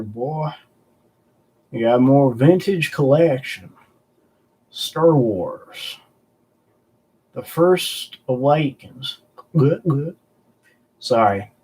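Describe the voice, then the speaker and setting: Medium in pitch and somewhat dark in tone, this man's voice belongs to the host of a collectibles live stream. He keeps things casual, joking and answering the chat in a roundabout way.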